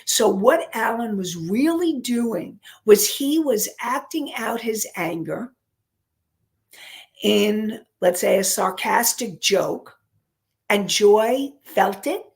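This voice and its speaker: A woman's voice: medium pitch, lively intonation. A woman counselor and life coach teaching an online class, repeating and restarting phrases as she works through an example. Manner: unhurried, repeats and restarts phrases while explaining.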